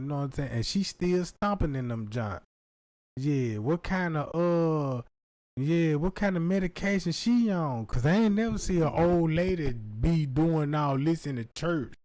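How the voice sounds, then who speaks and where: A man rambles through a loose, profane comic story, dropping in quick put-on voices as he goes. His voice sits on the higher side for a man. The sound is close and dry, with no room around it. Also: mellow, dry recording, low-quality recording. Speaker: comedian.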